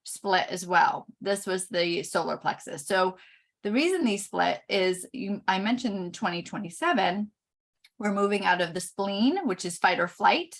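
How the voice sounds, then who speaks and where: Slow-explaining woman giving a reading. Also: mid-range voice, expressive. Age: middle-aged. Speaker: Human Design reader.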